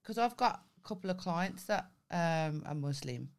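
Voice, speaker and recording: A woman with a notably low voice co-hosts a comedy podcast. She talks casually and bluntly, swears freely and laughs often. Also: animated, moderate pace, clear, resonant tone.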